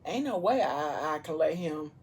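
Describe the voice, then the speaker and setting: Woman doing a cornered, angry young man with a lowish tone. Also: animated, normal speed, a little mellow, breathy edge, full character voice. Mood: grim. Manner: accusing, then grimly resolved.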